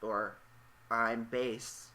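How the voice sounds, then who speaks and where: A man's voice: mid-range voice, little pitch movement, drawn-out words, sharp tone, slight background noise. A young man hosting a casual interview podcast, talking in a playful, joking way. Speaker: podcast host; English teacher. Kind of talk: casual chat.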